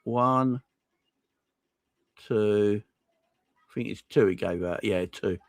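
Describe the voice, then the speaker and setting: Excitable man hosting a livestream. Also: on the low side, takes it slowly, no echo. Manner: excitable, effusive, slangy thanks. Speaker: livestream host. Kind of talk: casual livestream chat, shouting out viewers.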